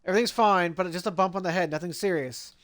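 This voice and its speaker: A man's voice: sits high, fast talker, fairly bright tone. A man voicing an earnest young male doctor in his first job, read aloud plainly. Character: young male doctor, nervous new resident.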